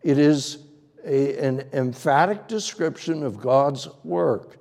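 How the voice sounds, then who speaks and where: Slow, methodical preacher in a reverberant hall. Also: male voice, mid-range voice, gravelly, a little mellow. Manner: methodical, outlines points with numbered headings. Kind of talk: expository sermon.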